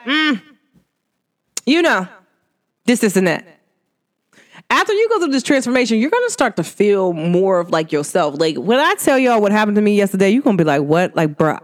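A chatty spiritual reader gives a casual energy reading straight to the listeners. The voice sits in a middle pitch but swings widely up and down, with drawn-out hums between thoughts and sudden high jumps into laughter. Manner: chatty and animated, addresses listeners directly.

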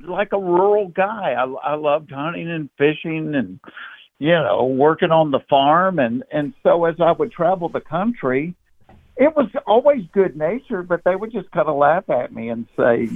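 A man's voice: fairly high pitch, lively intonation, normal speed. Southern man from Georgia, over the phone. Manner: easygoing storyteller, laughs often, repeats words when starting. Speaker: comedian guest. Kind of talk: casual interview. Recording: tinny phone line.

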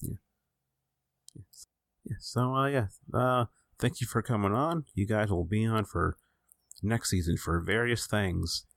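A man hosting a podcast in casual chat, laid-back and halting, with plenty of fillers. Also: on the low side, vocal fry, a bit bright, dry recording, clean studio sound. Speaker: podcast host.

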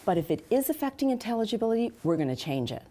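A woman who works as a speech and accent specialist, answering interview questions in a measured, practical way with frequent fillers. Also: on the high side, sing-song, mellow.

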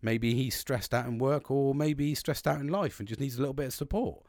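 A man's voice: medium pitch, fairly quick, a little mellow, no echo, clean studio sound. A British man talking in a rambling, earnest monologue, swearing constantly. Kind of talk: casual monologue.

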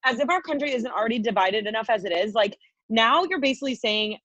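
Woman on a podcast going off, swearing a ton, kinda high voice, dry mic. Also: lively intonation, quick pace, a bit bright, dry recording, lo-fi sound. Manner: heated, profane, ranting with many likes. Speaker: podcast co-host. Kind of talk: angry political rant.

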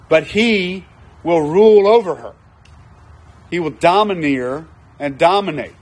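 A man with a fairly high voice preaches in a relaxed, conversational way. He acts out little quoted voices and hammers points home by repeating them. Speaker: pastor. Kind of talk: sermon.

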